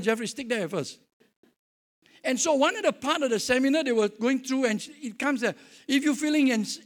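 A man's voice: very high-pitched, a bit bright. A man preaching a sermon as pastor, jovial and telling stories with acted-out dialogue.

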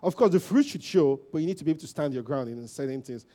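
A man giving a conversational sermon as a lay preacher, often checking in with "okay?" and "you know", rising loud at emphasis and trailing off low. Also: expressive, fast.

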